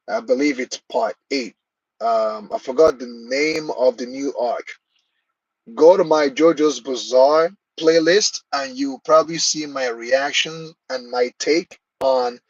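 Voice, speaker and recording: A man's voice: medium pitch, husky, dry recording, dull audio. A man hosting a live stream, chatting casually and answering viewers' comments by name.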